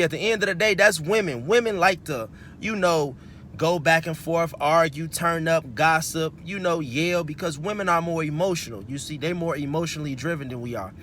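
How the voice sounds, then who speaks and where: A man's voice: on the high side, fairly bright tone, a little hiss or hum. A young man, giving a casual, preachy monologue to his viewers, full of "you know" fillers. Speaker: host.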